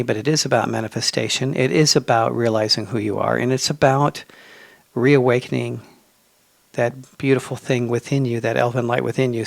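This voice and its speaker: Gravelly man hosting a radio talk show. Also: mid-range voice, dry recording. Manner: animated, chatty storytelling.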